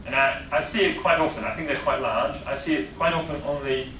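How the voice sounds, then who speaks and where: A man's voice: a little high, steady tone, brisk, pushed and bright, distant mic, slight background noise. Dutch man lecturing in an echoey room. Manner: explanatory, hesitant with many fillers, checks in with "yeah?". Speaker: phonetics lecturer. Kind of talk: classroom lecture.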